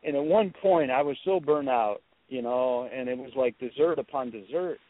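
Male guest storyteller, animated, pops into a high voice for quotes; tinny phone-like audio. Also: normal speed, no room sound. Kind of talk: storytelling on a talk show. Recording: tinny phone-line sound.

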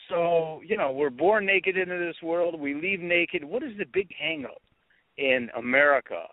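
A man's voice: fairly high pitch, moderate pace, dry recording. Expansive storytelling man on a tinny radio line. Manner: expansive storyteller, animated, opinionated. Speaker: author, guest. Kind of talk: radio interview talk. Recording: tinny phone-like radio sound.

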